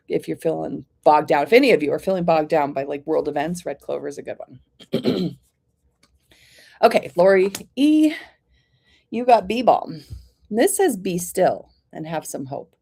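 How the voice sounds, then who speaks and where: A woman giving live oracle card readings to viewers, calling them by name in a gentle, reassuring, chatty way and often clearing her throat. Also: sits low.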